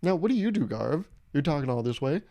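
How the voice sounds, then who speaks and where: A young man hosting a solo comedic podcast, rambling and irreverent, swearing freely and breaking into loud mock voices when he quotes people. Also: on the high side, sing-song, fairly quick. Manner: profane. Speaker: podcast host.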